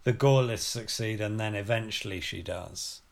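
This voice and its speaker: Bloke, casual podcast co-host, eager, thinks out loud. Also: male voice, lowish voice, moderate pace, gravelly. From England. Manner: animated, enthusiastic, academic references, swearing. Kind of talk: casual chat.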